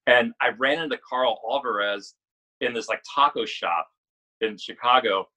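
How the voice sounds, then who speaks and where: A man in his forties, a musician guest, telling stories in casual chat, animated, swearing freely and laughing often. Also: mid-range voice, normal speed, low-quality recording.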